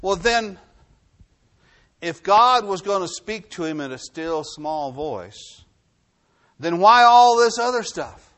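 A man preaching a sermon, reading scripture aloud and then explaining it, swinging between forceful bursts and low hushed phrases. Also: animated, takes it slowly, long pauses. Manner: reads scripture then preaches with rising and falling intensity; drops to a low hushed voice for emphasis. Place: New Mexico.

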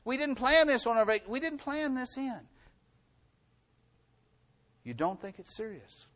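Middle-aged pastor guy preaching, kinda high voice, super animated up and down, repeats lines loud then goes quiet. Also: a little slow. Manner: repetitive preaching with swings between loud and hushed. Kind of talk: sermon.

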